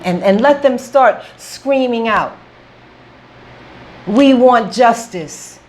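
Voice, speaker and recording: Woman vlogging her opinion, slow and pointed, kinda high voice, keeps going "okay?". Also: a little hiss or hum, rough recording. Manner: emphatic, repetitive, often asks "okay?". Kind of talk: casual opinion monologue to camera.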